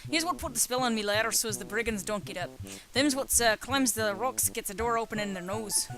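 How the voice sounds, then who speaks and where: A woman's voice: fairly high pitch, natural voice, rough recording. A woman voicing a lonely, chatty old male hermit with rustic grammar. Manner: folksy rustic dialect, ungrammatical.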